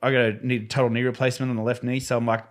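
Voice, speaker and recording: A man guest on a podcast, telling his stunt stories in a casual, animated way and acting out the voices of the people in them. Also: mid-range voice, rapid-fire. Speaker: podcast guest, freestyle motocross rider. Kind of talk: casual storytelling.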